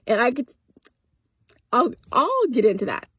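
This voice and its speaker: A woman's voice: on the high side, measured pace, husky, no room sound. Young woman telling a blunt storytime. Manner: blunt, profane, animated retelling with quoted dialogue. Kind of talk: casual storytime vlog. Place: parked car.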